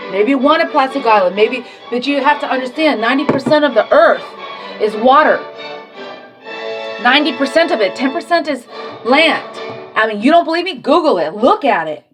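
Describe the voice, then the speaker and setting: A woman's voice: sits high, animated, normal speed, over music. A woman talking casually and with feeling about faith, swearing freely and laughing between thoughts. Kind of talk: casual spiritual monologue.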